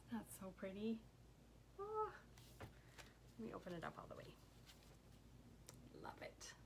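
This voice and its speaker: Her voice is medium-pitched and creaky, moving at normal speed against a noisy background. This cross stitch vlogger talks casually through her craft haul, soft-spoken and gushing about every piece, frequently sinking almost to a whisper.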